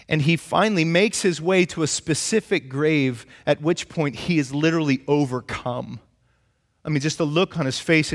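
A man preaching a sermon as a pastor, shifting from hushed, slow storytelling to rising, impassioned appeals. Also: mid-range voice. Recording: long hall reverb.

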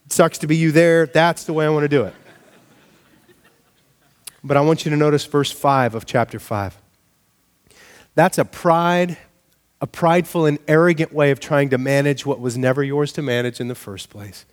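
A man preaching a sermon in a conversational, animated way, often asking the congregation rhetorical questions. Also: fairly high pitch. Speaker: pastor.

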